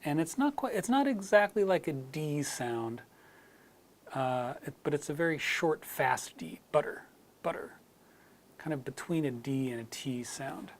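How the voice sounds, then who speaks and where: An American-accented teacher giving a slow, deliberate pronunciation lesson and repeating example words for practice. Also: medium pitch, animated, a little hiss or hum. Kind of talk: slow instructional narration.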